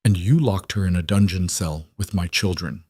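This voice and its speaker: A man's voice: deep voice, moderate pace, slightly rough, no echo, studio quality. A man voicing a ruthless icy king. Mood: menacing. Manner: quiet and menacing, commanding. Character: ruthless commanding male king with ice powers.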